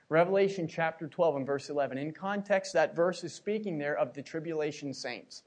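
Male preacher, middle-aged, from Pennsylvania, slightly higher voice; emotional sermon delivery, hushed then loud. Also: a little fast. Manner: emotional, repeats words, swings from hushed to loud. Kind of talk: sermon with personal story.

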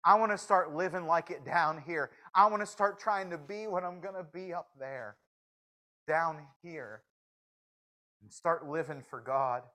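A man preaching a sermon in a folksy, joking manner, swinging from hushed confession to loud exclamations. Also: on the high side, unhurried, rough recording. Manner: shifts from hushed to shouting.

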